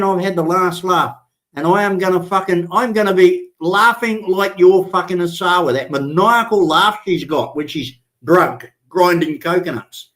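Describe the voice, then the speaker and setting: A man's voice: sits high, moderate pace, fairly bright tone. A man hosting a live stream, ranting in a threatening, profane and emphatic way.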